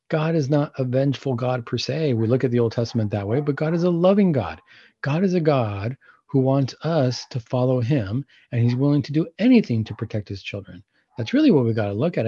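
A man's voice: medium pitch, warm tone, slightly rough, no room sound, lo-fi sound. A man hosting a Catholic talk show, commenting on news articles and asking rhetorical questions that he then answers himself.

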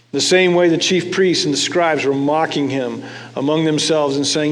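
A man's voice: fairly high pitch, fairly even intonation, normal speed. Man preaching in a reverberant hall. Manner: conversational preaching, asks the congregation questions. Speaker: pastor. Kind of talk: sermon.

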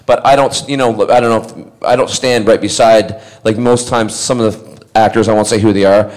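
Lively storytelling man from Scotland. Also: on the low side, fairly quick. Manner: animated storyteller, acts out voices, laughs often. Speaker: actor telling convention stories. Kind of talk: casual convention panel anecdote.

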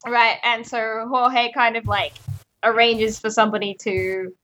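A woman facilitating a tabletop role-playing game, explaining its rules in a relaxed manner with hedging fillers. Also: fairly high pitch, unhurried.

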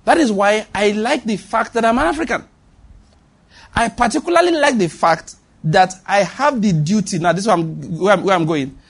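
A man with a Nigerian accent preaches a sermon in a husky, slightly raised voice. He drives his points home by repeating lines and calling out to the congregation for a response. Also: high-pitched, normal speed. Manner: emphatic, repeats lines for stress, calls on the congregation.

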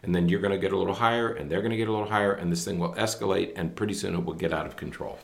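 A man's voice: low-pitched, steady tone, rapid-fire, creaky. A middle-aged man and educator co-hosting a parenting talk show, speaking emphatically and acting out what kids and parents say. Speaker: podcast co-host, educator. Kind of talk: casual parenting advice chat.

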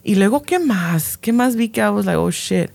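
A woman's voice: medium pitch, a little fast, vocal fry, no echo. A woman, telling a story in casual chat and switching between English and as she acts out what people said. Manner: animated storytelling, switching between English and Spanish, acting out quotes.

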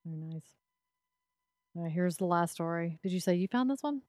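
Woman, podcast co-host, reads news, measured and wry, lowish voice, dry studio sound. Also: expressive, darkish tone, dry recording. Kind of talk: casual chat and news reading.

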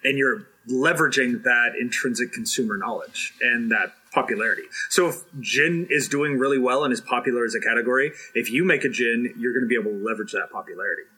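A male podcast co-host talks casually, with a very bright, sharp-edged tone over a husky grain. He works through his points thoughtfully and at some length. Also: mid-range voice, fast talker, few pauses, low-quality recording.

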